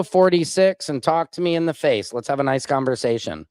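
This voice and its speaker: A man's voice: a little high, lively intonation, fairly quick, a little mellow, dry recording. A man from the United States hosting a livestream. He rants heatedly about politics with a lot of swearing and answers viewers' comments as they come in. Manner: profane, heated, reads viewer comments aloud. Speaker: livestream host.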